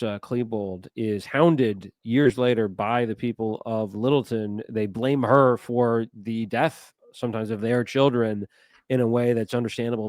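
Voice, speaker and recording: A podcast co-host with a lowish, darkish voice chats casually, wandering off into asides as he tries to recall names. There's no room sound.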